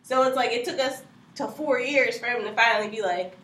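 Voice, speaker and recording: A woman with a somewhat high voice talks bluntly and candidly, swearing casually. She sits a little away from the mic. Her voice rings in a reverberant room with a faint hiss. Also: brisk, bright, forceful tone. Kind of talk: casual chat. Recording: distant mic in echoey room with faint noise.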